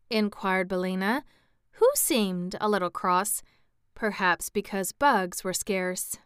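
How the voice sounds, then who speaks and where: A woman narrating a storybook aloud in a clear, deliberate reading manner. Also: mid-range voice, steady tone, a bit bright, no echo, studio quality. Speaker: audiobook narrator.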